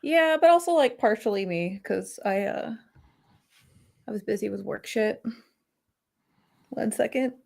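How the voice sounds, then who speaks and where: A woman's voice: mid-range voice, a little slow, vocal fry, pauses often, a little mellow. A woman co-hosting a podcast stream over a call, distracted and fixing her hair as she chats casually. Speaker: podcast co-host. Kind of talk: casual livestream chat.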